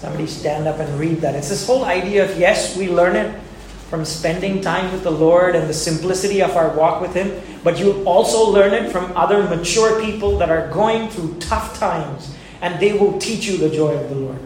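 A man's voice: high voice, moderate pace, darkish tone, a little hiss or hum. A male pastor preaching a sermon in an earnest, conversational way, chuckling now and then. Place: church sanctuary. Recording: very echoey church hall.

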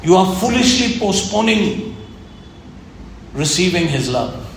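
A man's voice: high voice, very animated, unhurried, vocal fry. A man preaching a sermon with earnest, emphatic repetition. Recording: echoey room with faint ambient noise.

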